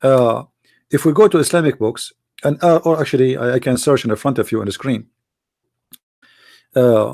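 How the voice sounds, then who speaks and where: Man, Arabic accent, gravelly, dry close sound, insistent debate host. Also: medium pitch, darkish tone, no room sound. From Middle East. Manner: challenging, insistent questioning. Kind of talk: live debate call-in stream.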